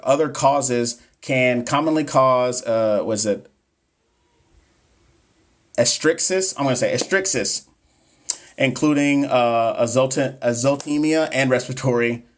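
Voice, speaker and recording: Joking man in his thirties hosting a live stream. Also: mid-range voice. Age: 30s. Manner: joking, chatty, talks straight to viewers, stumbles on medical terms. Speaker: nursing exam coach streaming live. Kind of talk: casual live-stream chat reading exam questions.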